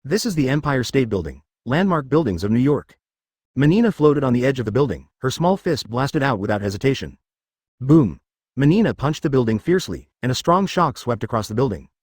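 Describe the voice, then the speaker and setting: A man's voice: mid-range voice, big pitch swings, a little fast, no room sound, clean studio sound. A man reading a web novel aloud as narrator, dramatic with stiff translated phrasing.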